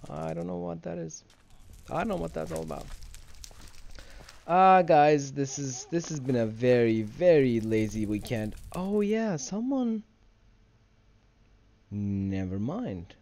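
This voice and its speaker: A man's voice: a little high, expressive, slow pace, creaky, long pauses, darkish tone. A man giving casual, rambling gameplay commentary for his channel, drowsy and easily distracted. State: sleepy, yawning. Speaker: gamer and video host.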